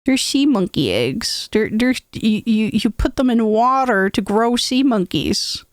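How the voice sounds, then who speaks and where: A woman's voice: fairly high pitch, animated, unhurried, no room sound, clean studio sound. Woman doing an insistent older brother. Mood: urgent. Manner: insistent, repeating name. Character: alarmed older brother, a boy scolding.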